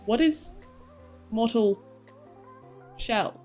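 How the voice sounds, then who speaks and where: A woman's voice: fairly high pitch, drawn-out words, darkish tone, soft background music. A young adult woman streaming live, chatting casually with her viewers, giggling often and swearing freely as she rambles.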